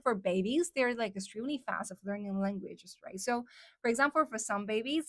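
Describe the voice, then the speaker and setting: A woman's voice: medium pitch, fairly bright tone, no room sound, clean studio sound. A woman whose first language is Chinese, hosting a casual livestream and chatting with viewers, with lots of "like" and "um" fillers. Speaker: livestream host.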